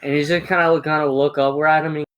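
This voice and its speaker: A man's voice: on the high side, flat delivery, quick pace, a bit bright, clean tone. A man playing a tabletop game, describing his character's actions in a casual, rambling way. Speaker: player.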